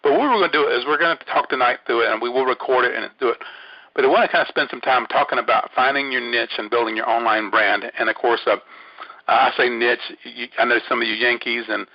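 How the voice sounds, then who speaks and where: A man hosts a casual online training session, rambling and restarting his sentences often. His voice sits at an ordinary middle pitch. It comes through a dull, lo-fi line with a dry, close sound. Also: fast, no echo. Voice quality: rambling, many fillers and restarts. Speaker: webinar host. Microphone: phone line.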